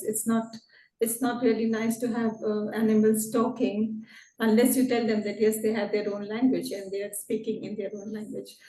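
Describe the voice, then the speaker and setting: A woman's voice: on the high side, dark tone, reverberant, recorded from a distance, a little hiss or hum, poor audio. A woman who founds schools and trains teachers, politely asking a question, hesitant with fillers. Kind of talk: question in an online talk.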